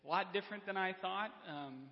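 A man telling personal stories to a church congregation, unprepared, with frequent restarts and throat clearing. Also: high voice, a little fast. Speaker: church member speaking to congregation. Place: church sanctuary. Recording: lo-fi with long hall reverb.

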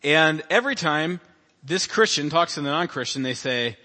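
A male pastor preaches in a loose, conversational style, slipping in asides and voicing imagined people. His tone is bright and forceful. The sanctuary gives his voice a long, ringing reverb. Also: on the high side, expressive, normal speed. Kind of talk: sermon. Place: church sanctuary.

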